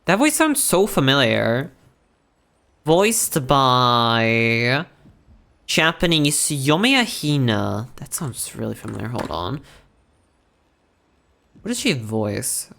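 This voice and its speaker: A man's voice: mid-range voice, sing-song, slow, gravelly, long pauses, fairly bright tone. Rambling young male streamer. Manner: rambling, lots of "like" fillers and restarts. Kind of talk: casual chat while gaming.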